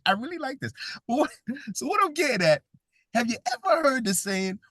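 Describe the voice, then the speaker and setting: Lively man giving a joking talk. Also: extremely high pitch, moderate pace, dry recording, studio quality. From Brooklyn, New York. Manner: joking, audience-engaging, laughs often. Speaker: event speaker. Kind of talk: comedic motivational talk.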